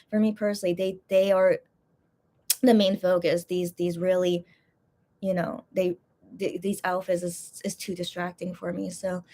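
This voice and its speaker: A congested woman hosts a casual, rambling chat, circling back over her own opinions with plenty of fillers and restarts. Her voice sits at an ordinary middle pitch, a little stuffy throughout. She reads viewer comments aloud and answers them. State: congested, coughing. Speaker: host reacting to concept photos.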